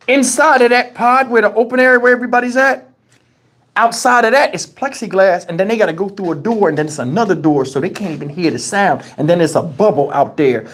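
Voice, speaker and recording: A man hosting a livestream, telling a story in a casual, profane and colloquial way on a lapel mic. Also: high voice. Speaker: channel host. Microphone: wireless lapel mic.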